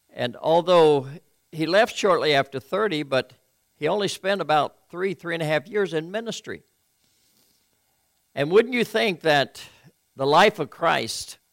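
A male pastor delivering a sermon, reading scripture aloud and explaining it in an earnest, measured way with occasional hesitant fillers. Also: on the high side, vocal fry, a bit bright, dry recording.

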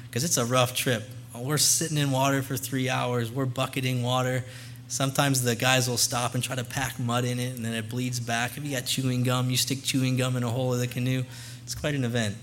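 A man's voice: mid-range voice, little pitch movement, fairly quick, a bit bright, a little hiss or hum. A young man speaking as a missionary guest to a church congregation, earnest and conversational, into a microphone. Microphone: handheld or stand mic.

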